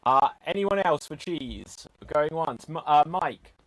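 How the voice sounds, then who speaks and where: A man hosting an online improv game, animated, laughing often and calling on players. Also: a little high, slow. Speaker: improv host.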